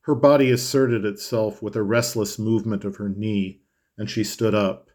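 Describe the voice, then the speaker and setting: A man narrating a classic novel in a measured, expressive way. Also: lowish voice. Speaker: audiobook narrator. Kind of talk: scripted literary narration.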